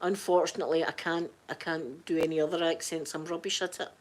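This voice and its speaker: A woman's voice: sits low, fairly even intonation, quick pace, a little hiss or hum. A middle-aged Scottish woman chatting casually on a live stream, greeting viewers in the chat by name. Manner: chatty, warm-hearted, reads out chat names.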